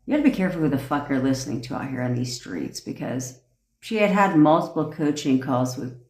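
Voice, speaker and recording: Woman, deep voice, blunt profane livestream rant, echoey room. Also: lively intonation, darkish tone. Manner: blunt, profane, laughing, fast asides. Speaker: manifestation coach.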